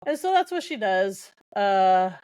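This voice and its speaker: A woman's voice: mid-range voice, very animated, measured pace, darkish tone, clean tone, dry recording. Young woman podcaster recapping a fantasy book, says um a lot, dry close sound. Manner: retells scenes with quoted dialogue, many fillers. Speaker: podcast co-host.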